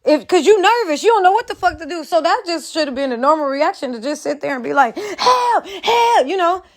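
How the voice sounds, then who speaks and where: Donna dalla voce acuta, schietta e scurrile, che commenta con foga. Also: female voice, high-pitched, fast. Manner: heated, blunt, profane, repetitive. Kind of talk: profane reaction commentary.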